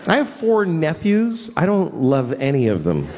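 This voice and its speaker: A man in his forties performing a stand-up comedy routine, animated and dropping into exaggerated put-on voices. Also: on the high side, a little slow, heavy background noise. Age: 40s. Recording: live show in a reverberant hall.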